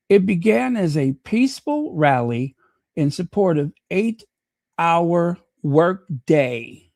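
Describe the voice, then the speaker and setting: A man's voice: a little high, a little mellow, dry recording, clean studio sound. A man hosting his channel, chatting casually with ironic asides and frequent ums. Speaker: channel host. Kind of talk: casual commentary reading from the web.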